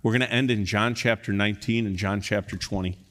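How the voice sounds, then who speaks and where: A man's voice: on the low side, steady tone, fairly quick. Impassioned preacher man in a reverberant hall. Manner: impassioned, rising to loud emphatic peaks. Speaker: pastor. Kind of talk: sermon.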